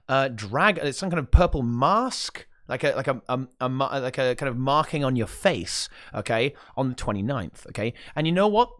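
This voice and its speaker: A man co-hosting a casual gaming chat show, excitable and peppering his talk with "okay?" and "dude". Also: a little high, no echo, studio quality. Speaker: podcast co-host.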